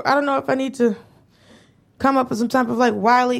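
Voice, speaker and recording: A woman performing a live stand-up set, delivering wry, deadpan punchlines. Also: sits high, quick pace, vocal fry. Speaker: stand-up comic. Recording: noisy live stage recording.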